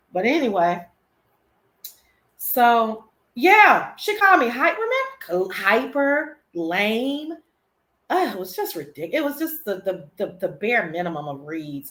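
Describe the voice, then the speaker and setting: A woman's voice: medium pitch, sing-song, a little slow, a bit bright. A woman hosting a show, telling a profane gossip story and acting out other people's lines. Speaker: show host. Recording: echoey room with faint background noise.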